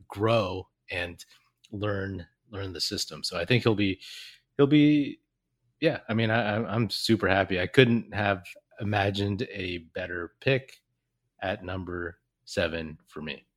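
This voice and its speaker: A man co-hosting a casual sports podcast, excitable, laughing often and restarting his sentences. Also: low-pitched, measured pace. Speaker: podcast co-host.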